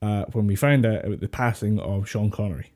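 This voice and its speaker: A man's voice: fairly low pitch, fairly quick, a little mellow. A man co-hosting a casual podcast over an online call, telling rambling stories, swearing freely and laughing often. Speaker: podcast co-host. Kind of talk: casual chat. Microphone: home mic over online call.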